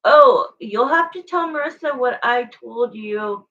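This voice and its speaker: Woman tarot reader, frank chatty livestream host, unhurried delivery with a gravelly edge, slightly muffled audio. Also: fairly high pitch, lively intonation, a bit bright. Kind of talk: casual livestream chat.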